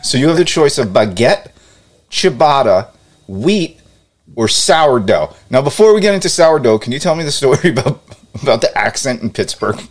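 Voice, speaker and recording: A man with a lively, up-and-down voice runs a quiz in a relaxed podcast chat. He laughs easily as he reads out the choices. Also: mid-range voice, normal speed. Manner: laughing, animated quiz-giver. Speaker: podcast co-host. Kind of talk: casual chat.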